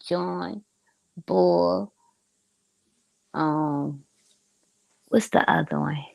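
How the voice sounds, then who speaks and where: A middle-aged woman with a Philadelphia accent, chatting loudly and laughing as host. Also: on the low side, extremely slow, gravelly, dry recording, poor audio. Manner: loud, laughing, animated storyteller. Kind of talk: casual chat.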